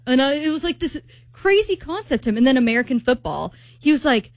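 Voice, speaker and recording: A woman's voice: high-pitched, fast talker, no room sound. A woman on a radio show casually and animatedly recounting a date, quoting people as she goes. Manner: animated, gasping, quotes people in voices.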